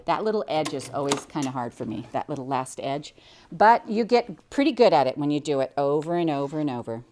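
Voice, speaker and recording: A woman's voice: sits low, darkish tone. A middle-aged American woman teaching quilting, chatting cheerfully as she explains each step while she cuts and sews. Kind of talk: hands-on sewing tutorial.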